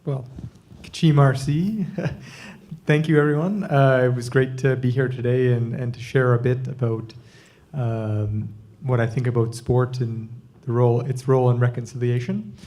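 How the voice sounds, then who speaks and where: A man panelist giving easygoing closing remarks with a small joke, halting with fillers. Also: medium pitch, steady tone, mellow.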